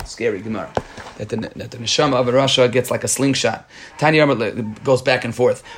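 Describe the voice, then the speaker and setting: Guy going through a talmud page, reading, mid-pitch voice, stops and restarts to explain in english. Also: slight background noise. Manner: reads Aramaic aloud, then explains in English with frequent restarts. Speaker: Talmud teacher.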